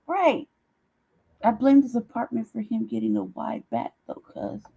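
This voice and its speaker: A woman's voice: fairly high pitch, huge pitch swings, moderate pace, dark tone, husky, rough recording. A woman chatting casually on her own stream, teasing, laughing often and swearing freely. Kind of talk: casual chat.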